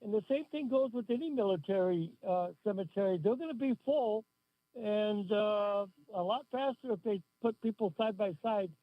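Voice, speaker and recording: A man calling in to a radio show, speaking plainly and hesitantly with many pauses. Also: high voice, dry recording. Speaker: caller. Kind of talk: casual call-in radio chat. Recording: tinny phone line.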